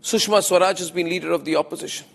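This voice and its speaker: A man's voice: high-pitched, steady tone, fast talker, creaky, a bit bright, big-room sound. A man with an Indian English accent, delivering an opinionated TV news monologue as anchor, emphatic and repeating phrases for effect.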